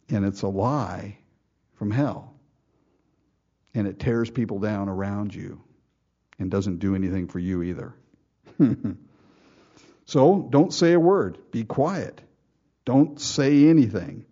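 Man preaching slowly, warm and mellow, with a folksy style and lo-fi sound. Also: mid-range voice, lively intonation, slightly rough. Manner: folksy preaching with rhetorical questions and mock quotes. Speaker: pastor. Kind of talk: sermon.

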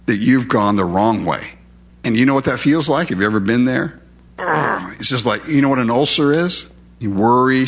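Husky-voiced preacher, conversational sermon. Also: male voice, medium pitch, a bit bright, highs cut off. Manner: conversational, emphatic preaching with rhetorical questions. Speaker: pastor.

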